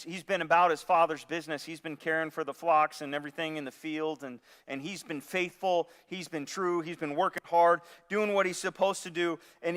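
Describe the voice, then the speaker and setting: A man preaching a sermon, telling a parable in an animated way with frequent restarts. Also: a little high. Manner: animated storytelling with repeated restarts. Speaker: pastor. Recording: long hall reverb.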